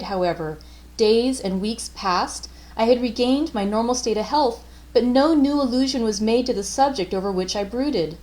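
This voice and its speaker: Woman, librarian host, classic novel read aloud, measured, unhurried, middle pitch. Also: a little mellow, poor audio.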